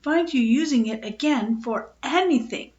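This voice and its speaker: A woman voicing an exasperated mother scolding her son, with a high, sharp voice. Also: lively intonation, normal speed, echoey room, dull audio.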